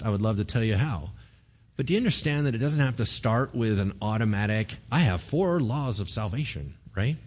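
A middle-aged man preaching a sermon in a casual, conversational way, acting out short exchanges between people. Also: fairly high pitch. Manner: conversational, animated, acts out little dialogues. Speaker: pastor.

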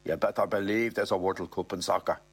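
A man voicing a blunt young lad who talks flat and gruff. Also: deep voice, fairly quick. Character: blunt young Dublin lad, eldest son.

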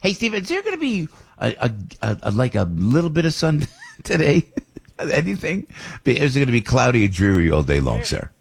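A man hosting a radio talk show, jokey and excitable, repeating himself as he reads ads and chats with guests. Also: mid-range voice, moderate pace, vocal fry, husky. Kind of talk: energetic radio host chat and live ad reads.

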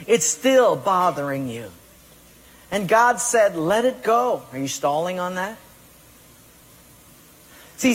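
Husky high-voiced pastor preaching, asks the crowd questions, big echoey hall. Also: male voice. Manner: asks the congregation direct questions. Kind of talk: sermon. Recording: long hall reverb.

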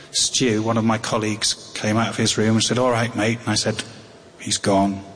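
An English storyteller on tour tells a live story in a wry, halting way, restarting often. His voice is fairly low and a bit bright. A long hall reverb surrounds him, with faint noise underneath.

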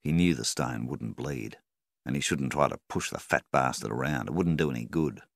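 Male audiobook narrator, steady reading, very deep, dry close sound. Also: moderate pace, gravelly, dry recording. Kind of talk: scripted narration.

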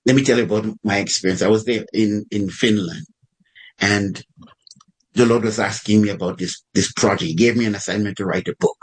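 A man delivers a sermon in a low, slightly husky voice. He preaches with animation, jumping up in pitch when he acts out what people say in prayer. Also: steady tone, a little fast, low-quality recording.

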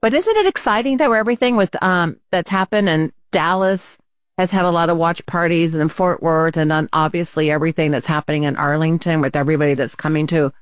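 A woman co-hosting a casual talk show, telling a story with animated quotes and laughs. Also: deep voice, fairly quick, smooth, no echo, studio quality.

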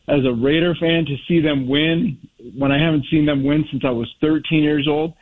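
A man's voice: fairly high pitch, fairly even intonation, normal speed, few pauses, darkish tone. A man from Northern California calling into a radio show, heartfelt and rambling. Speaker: caller. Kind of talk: phone-in call. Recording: tinny phone line.

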